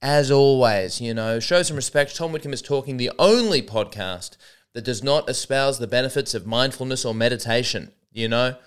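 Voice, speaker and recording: Sarcastic man, smooth voice. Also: mid-range voice, normal speed. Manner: sarcastic, rambling, self-deprecating. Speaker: comedian and podcast host. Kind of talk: solo comedic monologue.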